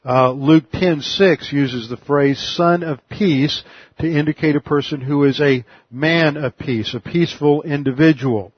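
Husky-voiced man teaching Scripture. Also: on the high side, no room sound, dull audio. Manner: unhurried, explanatory, frequent restarts and fillers. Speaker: Bible teacher. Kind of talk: Bible study lecture.

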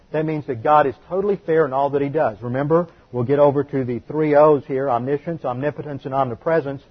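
A man's voice: on the high side, husky. A man preaching a teaching sermon, emphatic and methodical, spelling out terms and repeating figures for his listeners to note down. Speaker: pastor. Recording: dull lo-fi recording.

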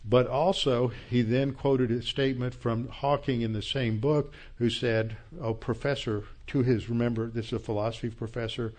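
Man teaching in a relaxed lecture. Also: medium pitch, normal speed, few pauses. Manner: conversational, reflective lecturing. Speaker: Bible class teacher. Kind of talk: lecture on Christian apologetics, closing in prayer.

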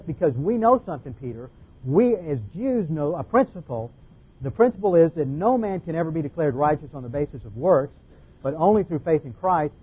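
A Bible teacher gives expository scripture teaching in a methodical, explanatory manner, pressing hard on key words. His voice is somewhat high and husky, and the audio sounds thin and tinny, like a phone line.

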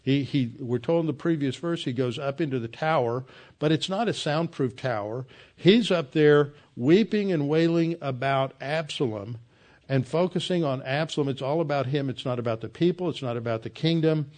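A man's voice: on the high side, normal speed, darkish tone. Earnest man preaching a Bible sermon. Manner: emphatic, earnest teaching.

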